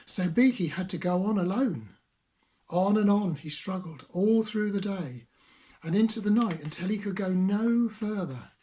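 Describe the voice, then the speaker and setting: An older man reading a children's picture book aloud as a grandfather, gentle and unhurried. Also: high voice, expressive, slightly rough. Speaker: grandfather storyteller.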